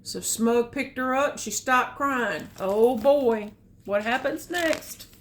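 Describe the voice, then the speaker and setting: An older woman reads a children's picture book aloud at a slow, unhurried pace. Her voice sits a little high, and she pauses to chat about the pictures. A faint hiss runs under the recording. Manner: slow, gentle, comments on the pictures. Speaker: storyteller. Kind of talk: reading a picture book aloud with chatty asides.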